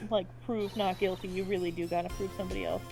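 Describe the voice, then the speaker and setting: A woman's voice: lowish voice, quick pace, creaky, faint music behind, poor audio. A woman co-hosting a let's play, casually explaining how the game works. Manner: relaxed, explanatory.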